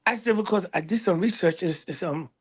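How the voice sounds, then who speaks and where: A middle-aged American man telling a story in a casual interview, animated, acting out other people in a raised voice. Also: sits high, quick pace, slightly rough. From United States. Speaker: librarian, interview guest.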